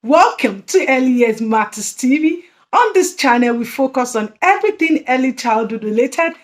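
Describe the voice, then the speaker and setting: High-voiced woman teaching with earnest repetition. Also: expressive, moderate pace. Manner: earnest, repetitive, emphatic restatements. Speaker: early childhood education channel host. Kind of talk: instructional video talk.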